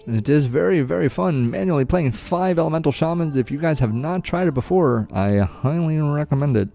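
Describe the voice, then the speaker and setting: Male game streamer, excitable and foul-mouthed, darker tone with some gravel. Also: fairly high pitch, a little fast, hardly any pauses, soft background music. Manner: hyped, profane, self-cheering. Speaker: gameplay streamer. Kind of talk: live gameplay commentary.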